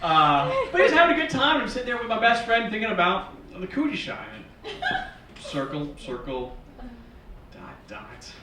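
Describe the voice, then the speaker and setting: A man in his thirties from Northern Virginia performing a stand-up comedy set in a wry, sarcastic, animated way, recorded from a distance on a small theater stage. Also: extremely high pitch, quick pace, hardly any pauses, background noise. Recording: echoey theater from far off. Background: live audience laughing.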